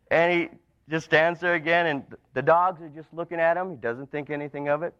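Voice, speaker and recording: A man preaching a sermon, telling stories and dropping to soft, emphatic lines. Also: a little high, steady tone, fairly quick, clear, resonant tone, no echo. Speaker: pastor. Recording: dull lo-fi recording.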